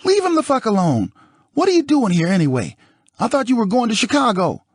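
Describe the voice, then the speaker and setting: A man voicing an enraged young woman who shouts in a shrill, high voice in an audiobook. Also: wildly swooping pitch, brisk, a little hiss or hum, heavily acted. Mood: screaming.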